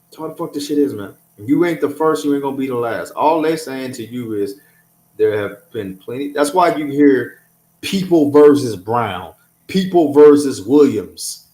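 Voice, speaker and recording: A man's voice: mid-range voice, normal speed, a little mellow. Emphatic man with echoey sound. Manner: emphatic, profane advice-giving. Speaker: host. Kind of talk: casual chat.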